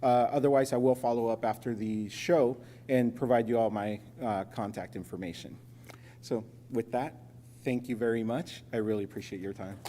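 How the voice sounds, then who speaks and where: A man from Los Angeles presenting at a conference, telling a joking story in an animated way. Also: medium pitch, normal speed, a little hiss or hum. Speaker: sponsor presenter. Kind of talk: conference talk with anecdote. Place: conference hall. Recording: reverberant conference hall.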